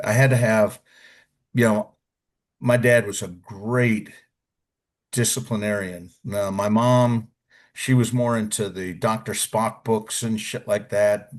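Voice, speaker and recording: A middle-aged American man, a former Army Ranger, casually telling stories of basic training, swearing and acting out what others said. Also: lowish voice. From United States. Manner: colorful, profane, acts out quotes. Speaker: interview guest, retired Army Ranger. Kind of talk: casual storytelling.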